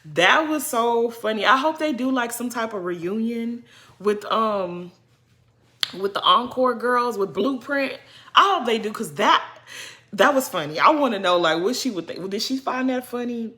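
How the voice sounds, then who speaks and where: Young woman, casual reaction vlogger, animated and exasperated, bright forceful voice, higher pitch. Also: a little slow. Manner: animated, exasperated, talks straight to the people she discusses. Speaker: reality TV commentator.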